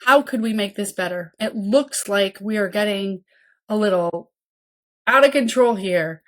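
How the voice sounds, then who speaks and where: A woman's voice: medium pitch, a little slow, a bit bright. Earnest woman coaching listeners, checking in often. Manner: earnest and coaching, with frequent "okay?" check-ins; acts out worried caregivers' inner voices. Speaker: podcast host and mentoring program founder. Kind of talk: casual teaching monologue.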